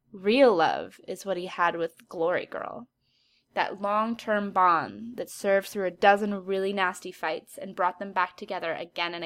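A woman's voice: medium pitch, natural voice. A woman voicing a cruel, condescending teenage girl in a storybook reading, sneering as she talks.

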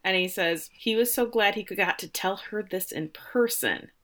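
A middle-aged woman in casual chat, recapping a TV episode with lively, swearing retellings. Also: mid-range voice, moderate pace. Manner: animated retelling with swearing and laughs. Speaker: podcast co-host recapping a TV episode.

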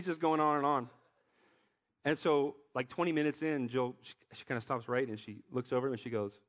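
A man's voice: medium pitch, fairly even intonation, a little fast. A man giving a sermon as a pastor, talking in a loose, joking way with many restarts.

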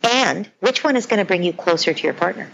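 A woman's voice: fairly low pitch, expressive, fast talker, creaky, a bit bright, dull audio, a little hiss or hum. A woman speaking as a parenting expert, earnestly explaining her ideas through everyday scenarios. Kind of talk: conversational explanation.

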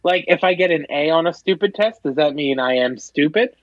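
Podcast co-host, male, slightly high voice, laid-back, muffled dry mic. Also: lively intonation, brisk, no echo. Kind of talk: casual chat.

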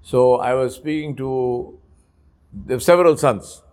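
A man's voice: mid-range voice, unhurried. Emphatic male Islamic lecturer. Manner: emphatic, rhetorical questions, swings from soft to loud; storytelling with repeated phrases. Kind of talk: religious lecture to young men.

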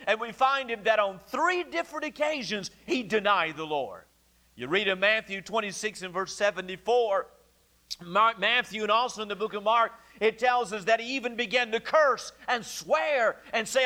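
A man pastor preaching a sermon in a church, acting out quoted voices with emphatic pauses. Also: sits high, pushed and bright. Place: church sanctuary.

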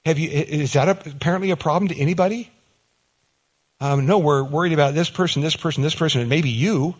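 A pastor preaches a conversational sermon at a quick pace, his pitch rising for emphasis and dropping for weight. He repeats words as he builds a point and slips into short acted-out exchanges.

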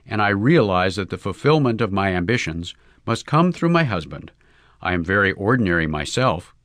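A man's voice: deep voice, sing-song, normal speed, a bit bright, no echo, clean studio sound. A man voicing a proud, ambitious young woman who speaks in a prim, superior way.

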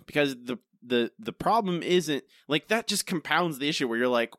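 With a slightly high voice at a moderate pace and hardly any pauses, a man co-hosting a podcast critiques a TV episode, casual, animated and emphatic, restarting a lot. It's a dry, studio-quality recording.

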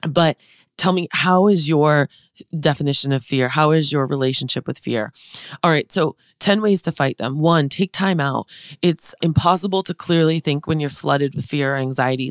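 A woman's voice: sits low, normal speed, no room sound, studio quality. Upbeat chatty woman podcast host. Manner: upbeat, chatty, direct address to listeners. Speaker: podcast host and business consultant. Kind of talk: motivational podcast monologue.

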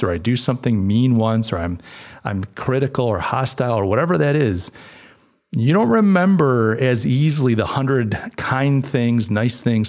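A middle-aged man with a medium-pitched voice hosts his own podcast, talking in a loose, conversational way. He muses aloud, stops and restarts his sentences, and leans on fillers as he thinks. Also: darkish tone. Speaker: podcast host. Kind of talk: casual monologue.

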